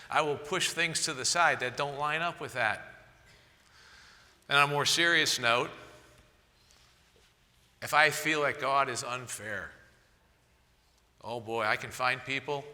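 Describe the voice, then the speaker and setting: A man with a mid-range, bright, forceful voice gives a teaching talk at a church seminar, keeping it conversational and regularly throwing rhetorical questions at his audience. His voice has a big-room sound.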